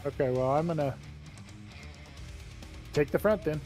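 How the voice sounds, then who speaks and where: Easygoing man, slightly higher voice. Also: a little slow, darkish tone. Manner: easygoing, self-mocking. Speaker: co-player. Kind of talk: casual gaming chat. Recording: light background metal music.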